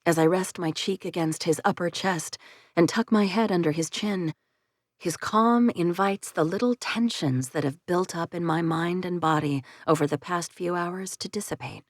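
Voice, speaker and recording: A woman narrating a romance audiobook in the first person, in a reflective, even way. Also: on the low side, moderate pace, no echo, studio quality.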